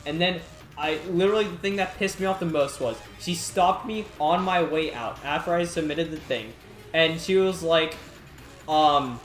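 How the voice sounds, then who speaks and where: A man's voice: fairly high pitch, moderate pace, soft background music. Exasperated teen guy ranting in echoey room. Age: teens. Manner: animated and exasperated, often repeating "right?". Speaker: gaming video creator. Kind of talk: casual storytelling rant over gameplay.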